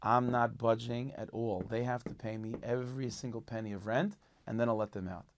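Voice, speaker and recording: A man's voice: mid-range voice, fairly even intonation, fairly quick, a little hiss or hum, close to an everyday voice. A man playing a stubborn harsh landowner. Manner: stubborn, curt.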